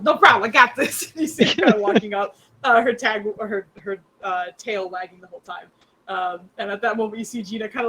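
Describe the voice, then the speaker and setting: A woman's voice: mid-range voice, low-quality recording. A young woman narrating as game master in a rambling, filler-heavy, giggly way.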